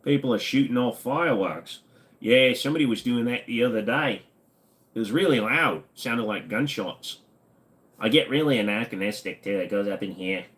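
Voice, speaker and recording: A man's voice: medium pitch, normal speed, a bit bright. A man hosting a stream, chatting casually and joking as he reads viewer comments. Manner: joking, laid-back, rambling. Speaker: streamer host.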